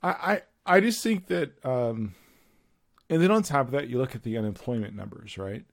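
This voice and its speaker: A man's voice: mid-range voice, expressive, moderate pace, creaky. A man co-hosting a podcast, chatting casually and giving opinions, thinking aloud with lots of fillers. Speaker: podcast co-host. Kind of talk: casual chat.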